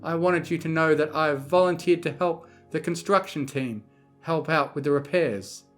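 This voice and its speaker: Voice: mid-range voice, faint music behind, close to an everyday voice. A narrator voicing a shy young male pony who speaks hesitantly. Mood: apologetic. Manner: hesitant and halting.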